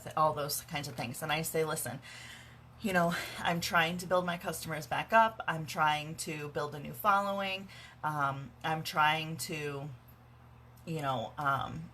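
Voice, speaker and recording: A woman vlogs from home into her phone, walking viewers through how she runs her sales parties. Her voice sits a bit low but sounds bright and forceful, with a dry, sarcastic edge and plenty of "um"s and "right?"s. A faint hum sits under the recording. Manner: sarcastic, dry humor, chatty with many fillers. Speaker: direct sales consultant. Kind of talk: casual instructional vlog. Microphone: phone camera.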